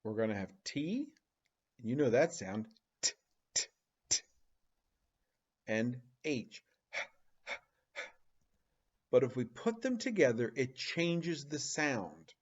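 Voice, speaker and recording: A male teacher walks young children through a phonics lesson, speaking very slowly with big, lively swings of pitch. He draws out each sound and asks playful questions about pictures. The recording is slightly dull and lo-fi. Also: slightly rough. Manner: slow, animated, exaggerated sounds for children.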